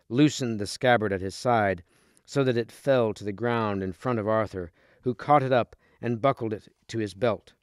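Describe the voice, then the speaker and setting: A man reads a storybook aloud in a lowish, smooth and clear voice. His narration is steady and even, recorded close and dry with no room sound. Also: dry recording. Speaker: reader. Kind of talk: storybook reading.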